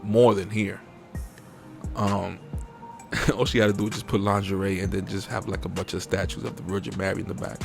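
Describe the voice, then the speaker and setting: A young man, hosting a podcast in a profane, animated rant that jumps into mocking high-pitched impressions. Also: moderate pace, vocal fry, long pauses, faint music behind. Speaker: podcast host. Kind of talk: casual uncensored podcast rant.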